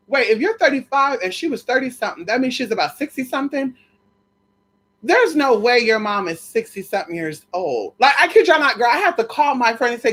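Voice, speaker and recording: A woman's voice: on the high side, sing-song, a little fast, fairly bright tone, breathy edge. A woman vlogger telling a story in casual chat, gossipy, calling listeners girl and honey, swearing and repeating phrases for emphasis.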